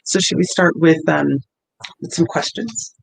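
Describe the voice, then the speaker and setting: A guest speaker in a casual online conversation, soft-spoken and encouraging. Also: medium pitch, a little slow, vocal fry, slightly rough, dry recording, rough recording.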